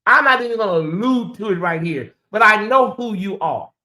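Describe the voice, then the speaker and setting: A woman's voice: medium pitch, expressive, moderate pace, bright, forceful tone. Woman, livestream host, casual commentary, rambling, repetitive, addressing chat. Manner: rambling, repeats phrases, talks to chat.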